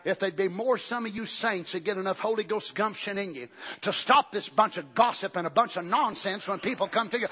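A male pastor preaching a fervent sermon in a church, swinging between shouting and hushed talk. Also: sits high, fairly quick, slightly rough. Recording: dull recording with long hall reverb.

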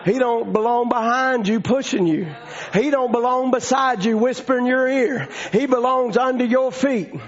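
High-voiced preacher, folksy fervor. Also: male voice, normal speed. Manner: folksy, builds to shouting fervor. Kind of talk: storytelling sermon. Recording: dull lo-fi sound.

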